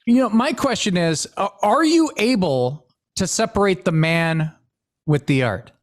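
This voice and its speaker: A man co-hosting a casual podcast, his high voice swinging up and down. He laughs often and acts out quotes as he talks. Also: expressive, unhurried. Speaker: podcast co-host. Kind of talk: casual chat.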